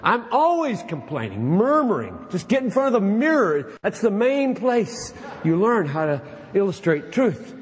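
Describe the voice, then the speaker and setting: A man's voice: sits high, very animated, measured pace, in a large hall. A man preaching to fellow pastors, exhorting them with emphatic rhetorical questions. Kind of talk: sermon-style lecture.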